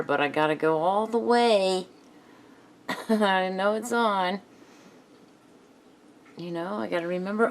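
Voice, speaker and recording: A woman's voice: fairly low pitch, slow, pauses often. A woman chatting casually to herself while she crafts, muttering and laughing often. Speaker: craft video maker.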